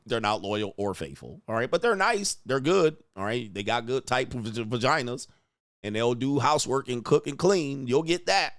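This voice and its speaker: A man's voice: medium pitch, animated, moderate pace, dry recording, studio quality. A man hosting a reaction commentary, talking in a blunt, mocking and exclaiming way. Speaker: host.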